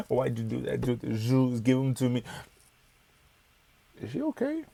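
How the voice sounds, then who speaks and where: A man's voice: mid-range voice, huge pitch swings, measured pace, vocal fry. A young man hosting a reaction video, joking and talking back to the screen in casual, cursing chatter. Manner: joking, talks back to the screen, swears freely. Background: loud song playing.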